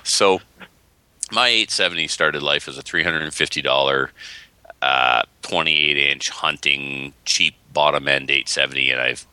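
A man's voice: a bass voice, a little slow, smooth, no echo. A man co-hosting a casual podcast chat, telling long rambling stories and acting out the voices he quotes. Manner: rambling, animated storyteller, acts out quoted voices. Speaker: podcast co-host.

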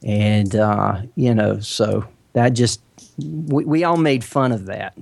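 A man in his forties with a Southern US accent, a guest on a podcast, chatting casually and rambling with many fillers and pauses. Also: lowish voice, vocal fry, darkish tone, dry recording. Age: 40s. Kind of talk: casual interview chat.

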